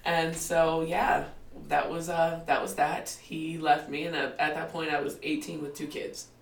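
A woman in her forties with a low voice and measured pace tells her life story as a guest in a candid interview. She's an animated storyteller who laughs often and acts out what people said, recorded on a distant mic in a roomy space with faint ambience.

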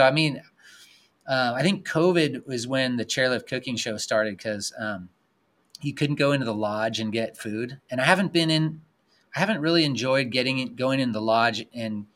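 A man chatting casually as a podcast guest, rambling and excited, filling his talk with "like". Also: medium pitch. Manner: rambling, excited, heavy use of "like". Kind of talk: casual chat.

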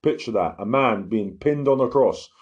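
A man's voice: medium pitch, animated, moderate pace, a little mellow, lo-fi sound. A man preaching informally, earnest and emphatic, often checking in with listeners. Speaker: lay preacher giving testimony.

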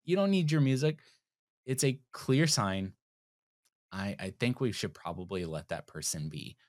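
A man co-hosting a podcast in casual chat, animated and joking. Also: lowish voice, measured pace, no echo, studio quality. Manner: animated and joking, swings up and down in delivery. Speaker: podcast co-host.

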